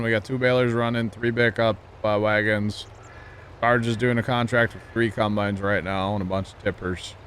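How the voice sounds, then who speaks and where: A man's voice: mid-range voice, slight background noise. A man streaming a farming game live, chatting casually and easygoing with his chat and fellow players. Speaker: livestreamer.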